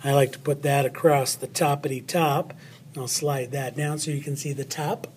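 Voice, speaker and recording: A man's voice: medium pitch, fairly even intonation, darkish tone, breathy edge. A man teaching children a spelling lesson, playful and patient, talking straight to them. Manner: playful, slow and patient, speaks to an unseen child.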